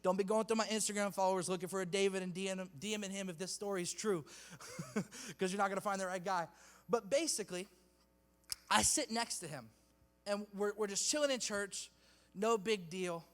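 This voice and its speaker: A man's voice: high-pitched, steady tone, fairly quick, fairly bright tone, long reverb tail. A man preaching a sermon to a youth group, casual and slangy, joking with the crowd between points. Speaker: youth pastor. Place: church hall with youth audience.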